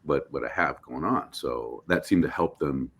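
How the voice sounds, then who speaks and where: Very deep-voiced middle-aged man telling stories. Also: normal speed, breathy edge. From United States. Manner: animated storyteller, acts out quotes, many restarts. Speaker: actor guest. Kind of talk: casual interview storytelling.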